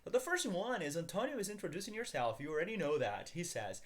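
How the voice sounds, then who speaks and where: A man's voice: fairly high pitch, big pitch swings, a little fast. A man teaching a beginners' language lesson, upbeat, calling his viewers guys and asking them to repeat after him.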